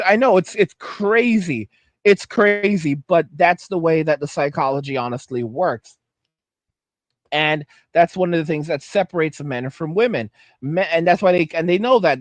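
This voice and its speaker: A man with a high-pitched voice hosting his own commentary vlog, ranting bluntly and heatedly with many restarts. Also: moderate pace, no room sound. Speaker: host of a commentary channel.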